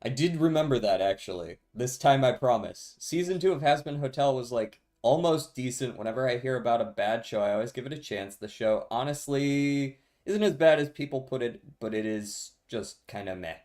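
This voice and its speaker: A man's voice: medium pitch, lively intonation, normal speed, hardly any pauses, a little mellow. A young man streaming a card game, giving dry, sarcastic commentary and swearing freely. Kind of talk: casual gameplay commentary.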